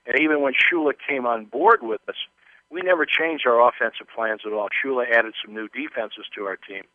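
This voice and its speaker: A man's voice: mid-range voice, no room sound. An older man, a former football player, telling rambling anecdotes as an interview guest, with many restarts. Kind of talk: casual interview storytelling. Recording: tinny phone line.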